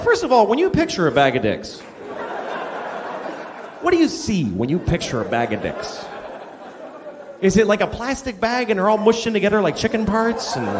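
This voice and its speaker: A male stand-up comedian on stage, telling a profane, incredulous story to a live audience. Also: high-pitched. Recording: live show with loud laughter and hiss.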